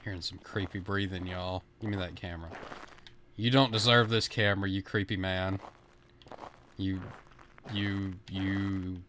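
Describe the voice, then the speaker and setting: A man's voice: low-pitched, steady tone, a little slow, long pauses, fairly bright tone, a little hiss or hum. A man hosting a casual let's play, teasing his co-player with dry, grumpy humor. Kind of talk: casual gaming chat.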